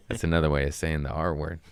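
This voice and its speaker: A man with a deep, low voice spins casual stories on his podcast, swearing freely and cracking himself up as he goes. The sound is close and dry, with no room around it. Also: steady tone, fast, clean tone, no echo. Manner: loose, profane, laughing at his own stories. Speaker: comedian hosting a podcast. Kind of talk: casual storytelling chat.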